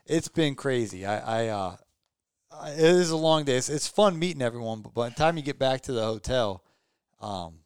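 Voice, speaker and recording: A man's voice: mid-range voice, animated, normal speed, a little mellow, smooth, no echo. Tired, rambling male podcast host. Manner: rambling, repeats words, upbeat and joking. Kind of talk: casual chat.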